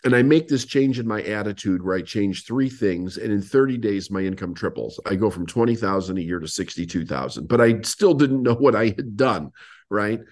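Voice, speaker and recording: A man's voice: lowish voice, normal speed. A man, a business coach guest on an interview, telling his story and acting out old conversations. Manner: animated storyteller, acts out past dialogue.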